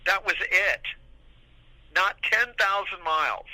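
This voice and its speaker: A man's voice: sits high, takes it slowly, dry recording, rough recording. A man in his sixties, a podcast guest telling rambling anecdotes and acting out the people he quotes. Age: 60s. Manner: rambling, animated, acts out quoted dialogue. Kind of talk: casual anecdotal storytelling.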